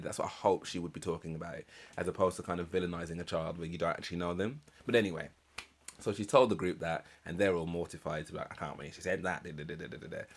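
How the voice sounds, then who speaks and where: A man hosting a reaction channel, musing aloud in casual commentary with lots of fillers and restarts. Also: low voice. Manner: reflective, rambling, many fillers and restarts.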